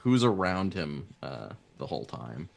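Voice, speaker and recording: A man playing a tabletop game, relaxed and laughing often as he describes his character's actions. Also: a bass voice, measured pace, gravelly. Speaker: player. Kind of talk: tabletop role-play chat.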